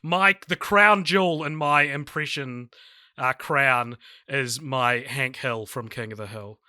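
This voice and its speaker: A man's voice: mid-range voice, slow, pushed and bright, no room sound, studio quality. A man co-hosting a podcast in casual chat, laughing easily and trailing off mid-sentence. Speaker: podcast co-host.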